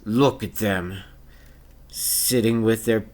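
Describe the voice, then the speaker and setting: A man's voice: lowish voice, fairly even intonation, slow pace, darkish tone. A man voicing an angry, scarred bugbear chief who sneers insults in a tabletop game. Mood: contemptuous. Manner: spits contempt, sneering.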